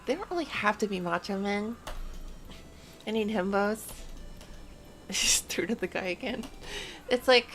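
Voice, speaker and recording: A woman's voice: mid-range voice, measured pace, long pauses, a bit bright, soft background music. A woman streaming a game and chatting casually, rambling in a playful, self-mocking way. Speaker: VTuber streamer.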